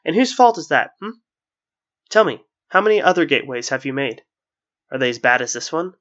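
Male narrator as playful jester-like guardian, storm underneath, raised and forceful, lo-fi audio. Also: medium pitch, normal speed, lightly acted. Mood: angry. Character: jovial jester-like male watcher with hidden fury.

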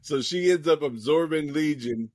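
A man's voice: fairly high pitch, normal speed, a little mellow, dry recording, clean studio sound. A man co-hosting a podcast, casually recapping a comic book in a loose, rambling way, swearing freely and leaning on lots of fillers. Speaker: podcast co-host.

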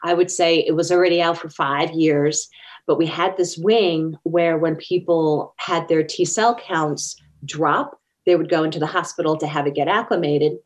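Lady telling her story in an interview, earnest, a bit low pitched, acts out what people said. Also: fairly even intonation, normal speed. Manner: earnest, acts out quoted speech. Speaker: interview guest. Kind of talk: personal storytelling in conversation.

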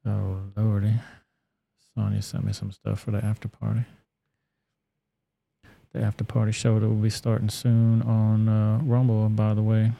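Man, live-stream host, casual and profane, low and flat, dry close sound. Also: moderate pace, gravelly, long pauses, no echo. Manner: casual and profane, loose with fillers.

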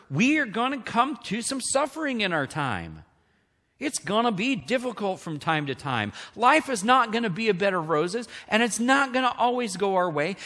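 A man preaches a sermon in a high, bright, forceful voice that swings widely in pitch. He keeps asking the congregation questions. A long hall reverb trails behind him. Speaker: pastor.

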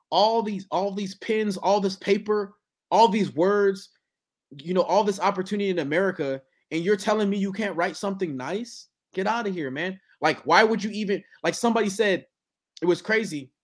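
A man, a musician, talking in a casual podcast chat, emphatic and animated, often acting out quoted voices. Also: sits high. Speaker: guest musician.

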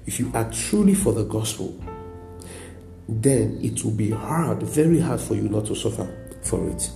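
Nigerian male pastor, lowish gravelly voice, emphatic repeating sermon, roomy echo with faint music behind. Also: lively intonation, normal speed, dark tone. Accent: Nigerian English. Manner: emphatic preaching with repetition and frequent "praise God".

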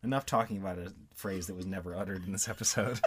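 A man co-hosting a podcast in casual chat, relaxed, correcting his co-host and retelling scenes with quoted lines. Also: low voice, quick pace, a little hiss or hum. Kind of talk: casual chat recapping a sitcom episode.

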